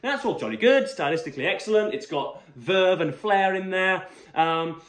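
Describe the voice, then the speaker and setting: Guy rambling about book reviews, lots of ums and restarts, slightly high voice, echoey room. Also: lively intonation. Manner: halting and wordy, with many fillers and restarts. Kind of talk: casual book review vlog. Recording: roomy echo.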